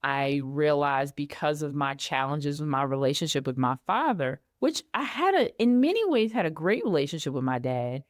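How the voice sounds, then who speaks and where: Middle-aged woman guest, candid storyteller, acts out her reactions, slightly low voice, dry close sound. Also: normal speed, few pauses, no room sound. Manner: animated, acts out her own past reactions.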